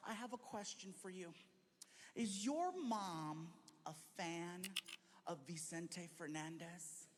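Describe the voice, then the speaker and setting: A man's voice: sits high, slow pace, big-room sound, noisy background. A man doing a friendly woman venue manager.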